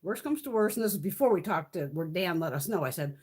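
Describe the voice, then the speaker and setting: A woman's voice: fairly low pitch, animated, fast, a little mellow, husky. A woman in her fifties chatting casually on a live stream, rambling, swearing freely and laughing often. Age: 50s. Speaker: beauty vlogger hosting a live stream.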